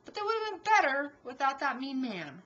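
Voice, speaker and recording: A young woman recounts a story in a casual home vlog, animated and exasperated. Her voice sits fairly high and sounds bright and forward, with wide, lively swings in pitch. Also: fairly quick, highs cut off. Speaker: vlogger.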